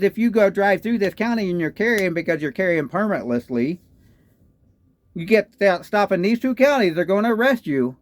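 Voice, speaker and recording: A political vlogger from Texas rants indignantly in political commentary, firing off repeated rhetorical questions. His voice is high-pitched, with no echo.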